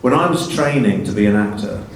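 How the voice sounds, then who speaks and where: An English man in his sixties speaks with a slightly Americanized accent and a lowish voice. He tells stories with self-mocking humor. The recording is roomy and picked up from a distance, with faint ambience. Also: animated, a little fast, a little hiss or hum. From England. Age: 60s. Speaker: guest actor. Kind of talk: stage Q&A conversation. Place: festival stage Q&A.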